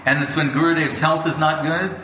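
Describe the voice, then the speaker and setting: A man's voice: on the high side, fairly even intonation, a little fast, sharp tone. A man giving an informal devotional talk to a gathering, telling stories and acting out other people's voices. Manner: storytelling, acts out quoted voices. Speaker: spiritual lecturer. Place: gathering hall. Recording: echoey room with faint background noise.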